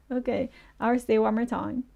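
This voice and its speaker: Woman teacher, Chinese accent, fairly high voice with a gravelly edge, slow and patient delivery. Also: lively intonation, dark tone. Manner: slow, patient, repeats words for learners. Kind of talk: live online language lesson.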